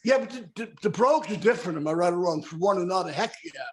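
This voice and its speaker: Male podcast host, chatty and rambling, fairly high voice, tag questions. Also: lively intonation, racing, rough recording. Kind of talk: casual podcast interview.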